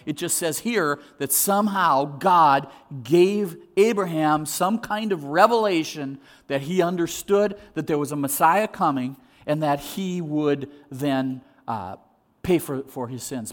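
A male pastor preaches an animated sermon, acting out voices and repeating words as he restarts his sentences. His voice is on the high side, and he keeps a measured pace.

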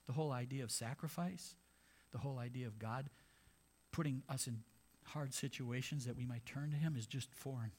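A man's voice: medium pitch, moderate pace, a little mellow, breathy edge. A man, a pastor, preaching a sermon in a conversational way, with sarcastic asides.

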